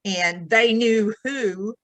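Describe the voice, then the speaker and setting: A woman in a casual podcast chat, speaking in a thoughtful, affirming, unhurried way. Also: mid-range voice, no echo, low-quality recording. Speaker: podcast guest.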